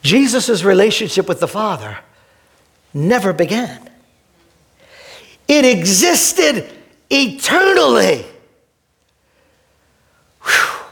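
Older male pastor, gravelly and high-pitched, slow impassioned sermon delivery. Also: sing-song. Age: 60s. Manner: impassioned, swings from soft to shouting.

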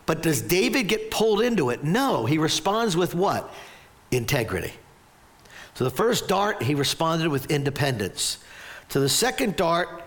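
Animated man preaching a sermon in his 60s. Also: fairly high pitch. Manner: animated storytelling with repeated restarts and rhetorical questions. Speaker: pastor.

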